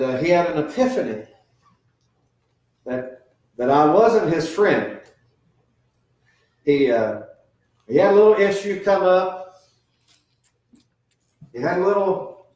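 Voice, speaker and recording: Man preaching in an echoey church. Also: on the high side. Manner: earnest, conversational preaching with lively swings and quoted voices. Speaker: pastor. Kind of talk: sermon. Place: church sanctuary. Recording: echoey church, mic from a distance.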